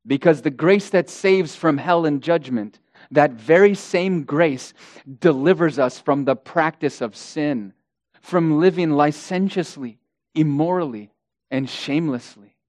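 A man's voice: on the high side, measured pace, a little mellow, no room sound, clean studio sound. A male pastor preaching an impassioned sermon, hammering points through repetition and addressing the congregation as beloved.

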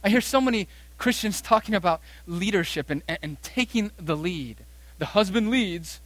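A man preaching a sermon from the pulpit, his voice sitting a little high for a man. He hammers points home by repeating phrases and slows right down on quoted verses. The sound is dry and close, with no room echo. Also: expressive. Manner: emphatic preaching, rising to loud stresses and slowing on quoted verses. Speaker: pastor.

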